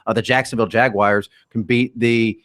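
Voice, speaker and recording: A man's voice: medium pitch, fairly even intonation, moderate pace, a bit bright. A man co-hosting sports talk radio, giving rambling opinions with many restarts.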